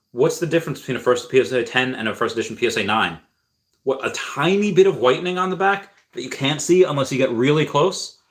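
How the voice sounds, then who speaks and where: A man's voice: medium pitch, a bit bright. Man rambling through viewer chat. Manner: rambling and repetitive, full of restarts and fillers. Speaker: crypto streamer answering viewer chat. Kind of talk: casual livestream chat.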